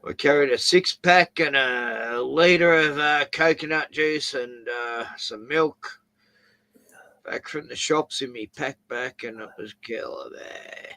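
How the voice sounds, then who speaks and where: A man's voice: mid-range voice, slow pace, pushed and bright, no room sound. A man with an Australian accent hosting a casual chat, rambling through anecdotes with chuckles. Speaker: host.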